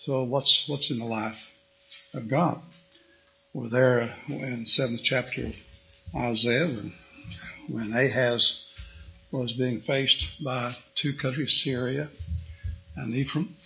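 A man's voice: medium pitch, fairly even intonation, takes it slowly, creaky, pauses often, pushed and bright, low-quality recording. A man giving a folksy, conversational Bible teaching, reading scripture aloud. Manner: folksy, reads scripture aloud in King James wording.

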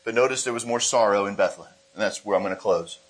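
A pastor preaches a sermon, reading scripture aloud and explaining it, animatedly acting out the voices of the people in the story. His voice is on the low side and fast.

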